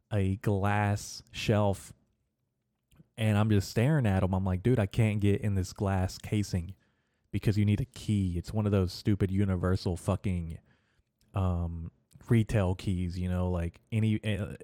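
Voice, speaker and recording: A young male podcast host tells rambling stories about shopping trips in a casual rant, swearing a lot as he gets worked up. His voice is on the low side and mellow, recorded with studio quality and no echo.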